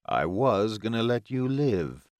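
A ruthless male vampire drawls every threat slowly, with a snarl under the words, as a male narrator puts him on. The sound is dry and close, with no room around it. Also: on the low side, big pitch swings, no echo, exaggerated voice. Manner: slow, snarling, menacing. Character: cold ruthless male vampire, ugly and powerful.

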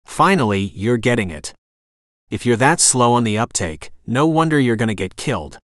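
A sharp-tongued psychic woman, read by a man in a storybook. Her talk is brisk and exasperated, with a mid-pitched voice. The read is dry and close, with no room around it. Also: very animated, no room sound. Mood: impatient. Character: female psychic, blunt, impatient.

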